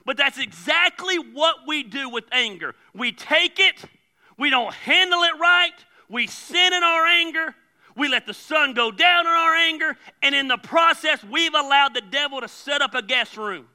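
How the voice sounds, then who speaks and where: A man preaching a sermon as pastor, animated, often repeating words as he starts a phrase. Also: very high voice, normal speed. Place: church.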